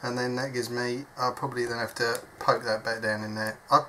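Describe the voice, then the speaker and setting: A hobby modder narrates a soldering task at his indoor workbench, casually explaining each step while joking at his own expense. His mid-range voice is pushed and bright, fairly flat in pitch, and quick, with slight background noise.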